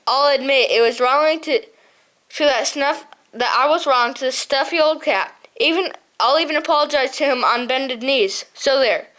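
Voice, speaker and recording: A woman's voice: high-pitched, normal speed, a bit bright. Woman doing a pompous male owl captain. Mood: boastful. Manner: huffy, haughty, laughs at others.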